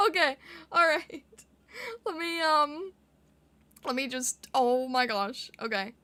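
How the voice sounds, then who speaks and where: A woman streaming live, chatting casually with her chat, giggling often, her voice squeaking when she laughs or yells. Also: takes it slowly, pauses often.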